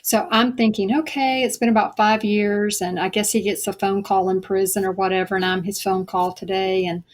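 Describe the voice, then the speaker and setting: A middle-aged woman giving an earnest, reflective personal testimony as a podcast guest, slowing down for emphasis. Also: mid-range voice, little pitch movement.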